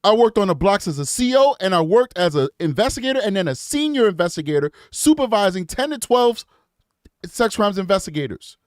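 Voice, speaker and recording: Guy hosting a true crime stream, kinda high voice, rambly then gets heated, dry close sound. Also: sing-song, fairly quick, no room sound. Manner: chatty, rambling, goes off on impassioned tangents. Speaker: true crime show host. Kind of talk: live-stream commentary.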